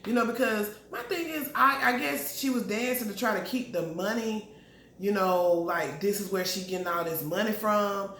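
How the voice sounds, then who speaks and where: A woman's voice: mid-range voice, normal speed, fairly bright tone. A woman recaps a TV episode in casual slang and acts out the characters' lines as she goes. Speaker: TV show recap vlogger. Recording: echoey room, faint background noise.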